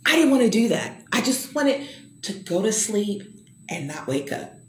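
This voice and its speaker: A woman's voice: medium pitch, very animated, moderate pace, roomy sound, slight background noise. A middle-aged woman giving an emphatic, preacher-like personal testimony and calling out to the listener. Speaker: motivational speaker.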